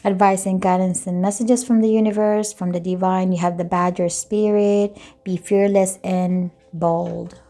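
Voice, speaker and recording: A woman's voice: lowish voice, flat delivery, measured pace, mellow. A woman reading tarot cards in a chatty, loose way, often repeating and rephrasing herself. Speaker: tarot reader.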